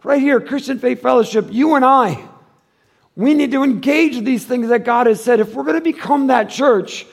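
A man's voice: very high-pitched, normal speed, gravelly. A middle-aged man, a pastor, giving a conversational sermon, acting out quoted voices and chuckling often.

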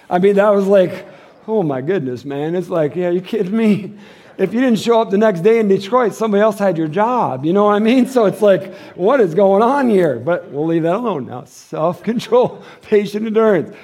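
A man's voice: high-pitched, expressive, normal speed, darkish tone. A middle-aged man, a pastor, giving a conversational sermon, acting out quoted voices and chuckling often.

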